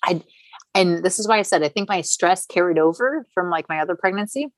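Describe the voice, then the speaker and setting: Candid low-voiced woman telling a story. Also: brisk, dry recording, poor audio. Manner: chatty, candid, swears casually. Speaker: podcast guest. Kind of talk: casual storytelling.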